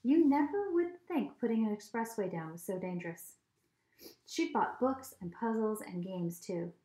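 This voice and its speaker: A woman reads a children's novel aloud in a mid-range voice, telling the story steadily and expressively. She is at home, and the room gives her voice a clear echo. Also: medium pitch, expressive, normal speed, dark tone. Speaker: reader. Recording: echoey room.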